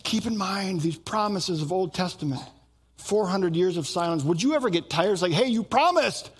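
Man, middle-aged pastor, sermon, animated storytelling, acts out voices, somewhat high voice. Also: moderate pace, slightly rough.

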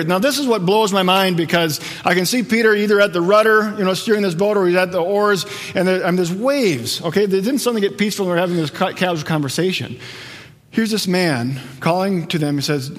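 A male pastor giving a conversational sermon, often dropping low and quiet for emphasis, in a church hall. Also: fairly quick. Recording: long hall reverb.

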